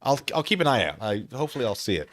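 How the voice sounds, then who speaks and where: A man's voice: mid-range voice, very animated, very fast, fairly bright tone. A young man casually commenting on a video during a live stream, joking and reading chat messages aloud.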